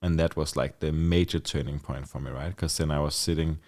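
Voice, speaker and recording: A man's voice: a bass voice, steady tone, fairly quick, a little mellow. A middle-aged man, a podcast guest, telling his life story in a loose, candid way, full of "like" and frequent swearing. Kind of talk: casual storytelling in a conversation.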